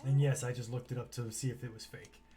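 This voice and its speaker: A man's voice: medium pitch, flat delivery, quick pace. Swearing man ranting over a video game. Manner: swears often, rants and yells at the game. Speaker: gaming streamer. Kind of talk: casual game commentary.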